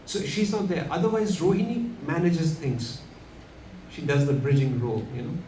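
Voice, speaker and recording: Male devotional storyteller, animated and engaging, distant roomy recording. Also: on the high side, normal speed. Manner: animated, acts out characters, asks the audience questions. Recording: echoey room from far off, background noise.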